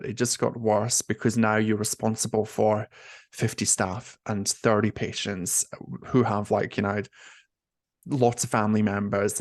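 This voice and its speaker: A man's voice: lowish voice, no echo, studio quality. A young man talking openly and emotionally as an interview guest, with a constant stream of "like" and "you know". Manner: emotional, expressive, heavy use of "like". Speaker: nurse coach, interview guest. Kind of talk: candid conversational interview.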